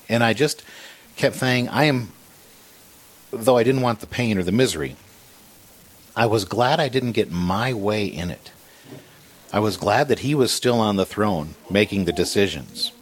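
A man earnestly recounting a painful hospital stay in a conversation about faith, halting and restarting as he talks. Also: on the low side. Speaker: guest sharing a personal story.

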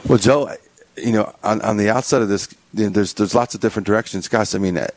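A man's voice: on the low side, fast talker, no echo. A man hosting a Catholic talk show, leading an opening prayer and then asking questions in a loose, rambling way with many restarts. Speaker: podcast host. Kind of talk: prayer and casual discussion.

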